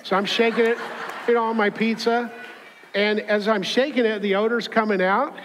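A male pastor with a high, light voice preaches in a church, mixing scripture with a humorous personal story. He talks conversationally and drops into little character voices. His voice carries a long hall reverb. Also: fairly even intonation, normal speed, noisy background. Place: church auditorium.

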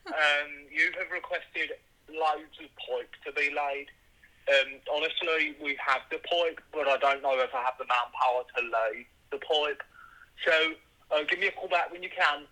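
A man's voice: on the high side, fairly even intonation, moderate pace, sharp tone, rough recording. A man voicing a rambling male pipe layer from Birmingham in a put-on accent that slips, heard as a voicemail played over a phone speaker. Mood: deadpan. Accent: put-on Birmingham, slipping in and out. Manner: rambling, full of ums and uhs. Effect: played back on a phone speaker.

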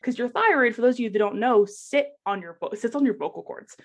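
A woman's voice: on the high side, lively intonation, a little fast. A young woman casually telling a personal story in a podcast chat, laughing often and acting out the voices of the people she quotes. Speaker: guest sharing personal story.

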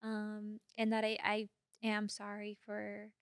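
A young woman co-hosting a casual podcast chat, animated and giggly, filling her talk with "like". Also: medium pitch, slow, dry recording, clean studio sound. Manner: animated, giggly, many "like" fillers. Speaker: podcast co-host.

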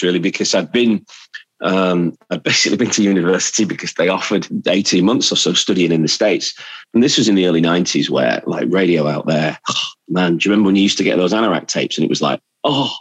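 Brief: middle-aged English man, husky and low, dry close mic, chatty storyteller. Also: fairly quick, no room sound, low-quality recording. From England. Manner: chatty storyteller, animated anecdotes. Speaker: radio presenter, podcast guest. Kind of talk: casual chat.

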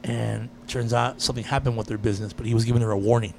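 A man in casual chat, telling a personal story with lively energy and frequent swearing. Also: medium pitch, racing, gravelly, slight background noise. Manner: animated storyteller, swears freely.

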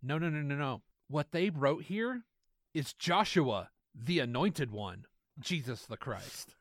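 A man with a Southern US accent hosts a casual comedy podcast, his slightly high voice swinging widely as he reads emails aloud with sarcastic, mock-dramatic commentary. He laughs often between lines. The sound is close and dry. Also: expressive, slow, no room sound. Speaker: podcast co-host.

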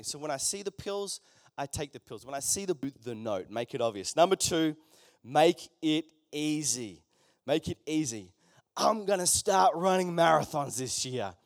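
A man's voice: on the high side, animated, moderate pace, dry recording, clean studio sound. A man preaching a conversational sermon, with joking asides to the congregation in a church. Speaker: pastor.

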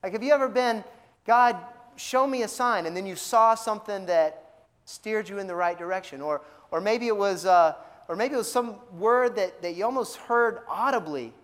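A man's voice: sits high, moderate pace. A male pastor preaching a sermon in a conversational way, asking many questions and often repeating words. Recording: long reverb of a large hall.

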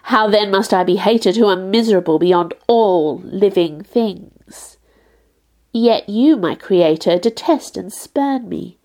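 A woman voicing an anguished, towering female creature who is bitter and menacing, in a slow, grave audiobook reading. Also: mid-range voice.

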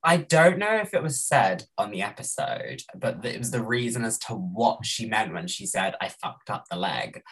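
British co-host, husky, lively pitch, blunt and sweary. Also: moderate pace, few pauses. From Britain. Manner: blunt, swearing, hesitant restarts. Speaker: podcast co-host. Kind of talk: casual chat.

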